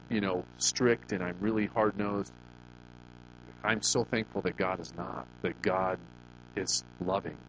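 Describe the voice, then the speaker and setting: A man's voice: sits low, background noise. A middle-aged man preaching to a congregation in a conversational, storytelling way, often asking them questions. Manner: folksy personal storytelling. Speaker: pastor. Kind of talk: sermon.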